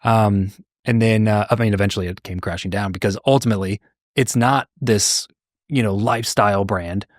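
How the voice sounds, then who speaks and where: A man's voice: on the low side, steady tone, moderate pace, no room sound, clean studio sound. A man hosting a podcast, talking casually and groping for words with many fillers. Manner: hesitant, lots of fillers and restarts. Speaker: podcast host. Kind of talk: casual interview chat.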